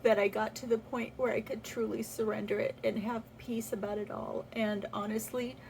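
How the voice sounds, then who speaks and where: A woman's voice: a little high, level tone, normal speed, vocal fry, a little mellow, slight background noise, low-quality recording. A woman talking through a personal faith reflection in a casual, earnest way, with restarts as she thinks aloud. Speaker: vlogger sharing a faith reflection.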